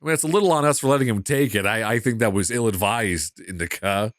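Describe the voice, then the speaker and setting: A young man giving casual let's play commentary, excitable and swearing with loud outbursts. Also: lowish voice, fast, no echo, studio quality. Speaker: gaming commentator.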